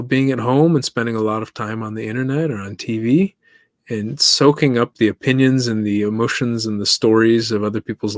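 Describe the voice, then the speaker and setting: A man of middle pitch muses aloud as the host of his own podcast, chatting on his own and turning questions back to the listener. He laughs easily, and his voice sits close and dry with no room around it. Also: no echo. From East Africa. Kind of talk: casual solo monologue.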